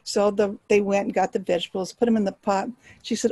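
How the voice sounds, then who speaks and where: A woman storyteller telling a folktale aloud, expressive and dropping to hushed tones for suspense. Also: medium pitch, fast talker, no room sound, poor audio. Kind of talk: live oral storytelling.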